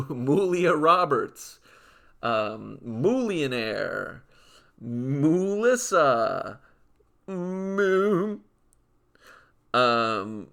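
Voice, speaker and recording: A man's voice: medium pitch, gravelly, fairly bright tone. A young man giving casual gameplay commentary, listing names in a dry, matter-of-fact way with amused asides. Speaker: gaming video creator.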